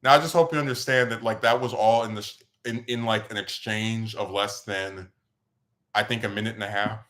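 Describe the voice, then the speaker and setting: A man's voice: fairly low pitch, fairly quick. A man hosting a podcast, telling a rambling story in casual chat, with his voice jumping up when he gets worked up. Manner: rambling, animated, voice jumps up when excited. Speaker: podcast host.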